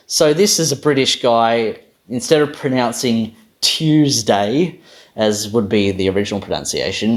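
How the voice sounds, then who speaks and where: A man's voice: mid-range voice, expressive, moderate pace. A man with an Australian accent giving a casual, self-deprecating explainer on pronunciation, stopping to say sounds aloud. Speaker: language video host.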